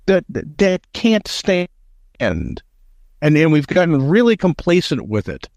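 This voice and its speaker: A man's voice: a little high, huge pitch swings, measured pace, a little mellow, no echo. An American man hosting political talk radio, emphatic and indignant, often repeating words as he builds a point. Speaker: radio talk show host.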